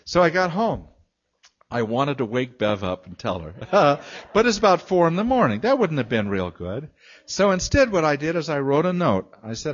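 A man preaching, telling a long personal story with lively, acted-out quotes and frequent laughs. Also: mid-range voice, normal speed, lo-fi sound. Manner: animated storytelling, acting out quoted voices. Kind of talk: storytelling sermon.

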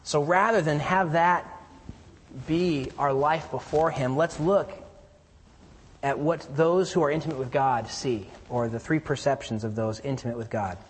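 A man preaching a sermon in an earnest way, swinging between loud emphasis and hushed, quiet lows. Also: a little slow, slight background noise. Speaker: pastor. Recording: reverberant hall.

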